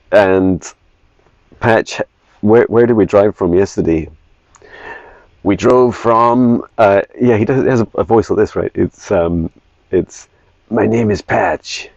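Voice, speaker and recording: Deep gravelly man. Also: mellow, dry recording, highs cut off. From Scotland. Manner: chatty, musing aloud, enthusiastic. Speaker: vlogger. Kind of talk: casual travel vlog. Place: inside a campervan while driving.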